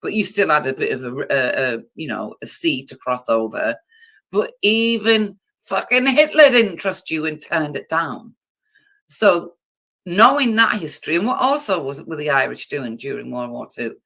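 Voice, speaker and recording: A woman's voice: deep voice, big pitch swings, normal speed, a bit bright. Blunt woman ranting on stream. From Britain. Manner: blunt, profane, rhetorical questions. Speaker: livestream host. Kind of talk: livestream political rant.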